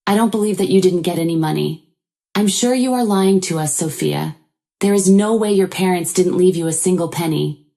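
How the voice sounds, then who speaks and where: Woman reading the part of a grasping husband, blunt and cold, low mellow voice, storybook reading. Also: normal speed, gravelly. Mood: pushy. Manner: blunt, scornful. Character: greedy scheming adult husband, man.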